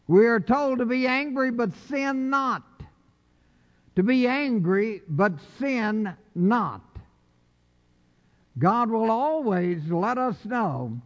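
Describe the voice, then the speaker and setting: A man preaching a sermon in a church, folksy and slowing down to stress his points. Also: sits high. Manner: folksy, slows down for emphasis. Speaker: pastor. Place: church sanctuary. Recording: dull reverberant church recording.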